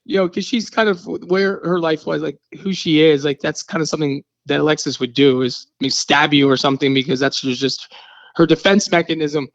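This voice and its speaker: A man, an actor guest on a radio interview, telling an animated story and acting out the scene's lines. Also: fairly high pitch, a little fast, highs cut off.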